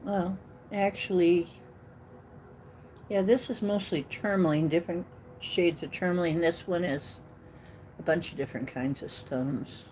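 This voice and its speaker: A woman hosting a casual live-stream chat, rambling and giggly with many fillers, swinging from loud exclamations to trailing murmurs. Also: on the low side, unhurried, long pauses, slight background noise, poor audio. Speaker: host.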